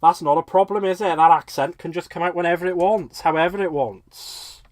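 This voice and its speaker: A man's voice: fairly high pitch, brisk, no echo, close to an everyday voice. A man putting on a sing-song Welsh accent, playing up a Welsh-accented version of himself. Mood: playful.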